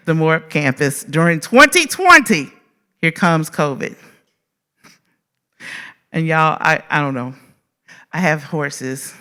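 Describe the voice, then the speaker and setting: A woman artist giving a public talk, telling stories to a live audience in an animated, humorous way and speaking straight to the crowd. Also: sits low, long reverb tail. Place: event space with audience.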